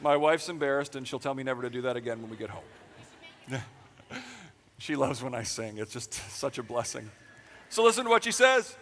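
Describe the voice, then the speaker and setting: A man's voice: medium pitch, expressive, fairly quick, pauses often, a bit bright, long reverb tail. A young man preaching a sermon in a casual, joking way, filling his speech with "like". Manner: casual, jokey, heavy use of "like". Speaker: pastor. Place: church sanctuary.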